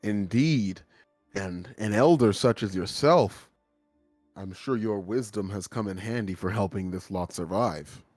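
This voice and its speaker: A man's voice: lowish voice, measured pace, darkish tone, no room sound, soft background music. A man voicing a courtly, menacing male vampire lord in a tabletop game, speaking as a silky, mock-gracious host. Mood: courtly menace.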